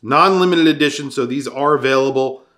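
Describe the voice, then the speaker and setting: A man's voice: medium pitch, brisk, fairly bright tone. A man hosting a casual product rundown, enthusiastic and conversational, talking straight to his viewers. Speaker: watch reviewer.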